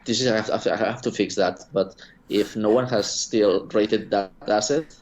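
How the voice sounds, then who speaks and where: A man's voice: fairly low pitch, fairly even intonation, moderate pace. A man answering interview questions as a guest developer, hesitant with lots of fillers. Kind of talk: casual interview answers over a call.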